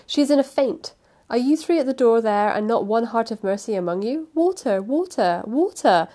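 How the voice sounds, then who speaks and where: A woman voicing a frantic, furious old man in a storybook reading, shouting and pleading. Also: fairly high pitch, lively intonation, normal speed, voice pushed up, natural voice.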